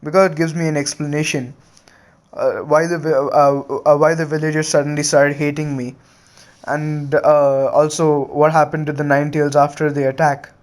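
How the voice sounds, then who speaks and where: A man voicing a cheerful, sharp-witted young ninja boy, talking casually and unbothered in a retold fan story. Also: fairly high pitch, flat delivery, normal speed, natural voice. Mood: explaining.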